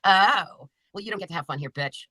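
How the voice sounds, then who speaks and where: Woman streamer, scornful and profane, bright tone, swooping pitch, dry close sound. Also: fairly quick, no echo. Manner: profane, taunting, insulting viewers by name. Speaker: livestreamer. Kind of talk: angry livestream rant.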